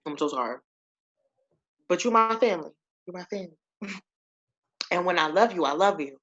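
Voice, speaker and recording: A woman's voice: fairly low pitch, lively intonation, moderate pace, a bit bright, highs cut off. A woman co-hosting a podcast in casual chat, frank and laughing, nibbling food as she talks. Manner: frank, laughing, eating while talking.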